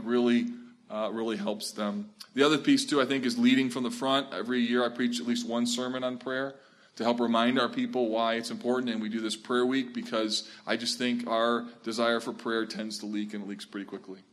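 A man's voice: mid-range voice, brisk. A man who is a pastor, telling stories earnestly and with feeling as he speaks and takes questions from church leaders in a room with a live audience. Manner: earnest, animated storytelling.

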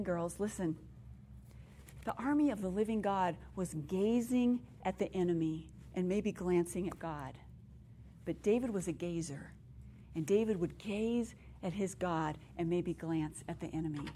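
Animated woman preaching to women. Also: mid-range voice, unhurried, slight background noise. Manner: warm, conversational and animated, laughing at her own stories. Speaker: women's ministry speaker. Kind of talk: sermon.

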